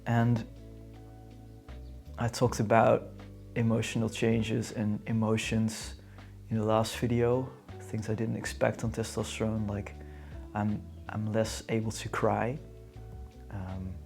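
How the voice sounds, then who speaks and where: A young man with a Dutch accent, chatting to camera in English in a hesitant, halting way and searching for words. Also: lowish voice, little pitch movement, creaky, a little mellow, soft background music. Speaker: vlogger. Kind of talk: casual chat to camera.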